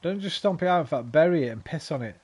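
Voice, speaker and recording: A man's voice: fairly high pitch, animated, fast, a little mellow, husky. Swearing young man playing a game. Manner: swearing, chatty, talks back to the game. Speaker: game streamer. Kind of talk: casual let's-play commentary.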